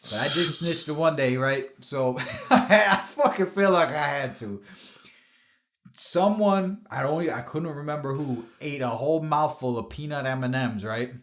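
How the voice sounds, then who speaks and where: A man's voice: a little high, measured pace. A man in his thirties hosting a podcast, telling profane stories in casual chat and acting out the voices in them. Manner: profane, animated storyteller who acts out quotes. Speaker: podcast host.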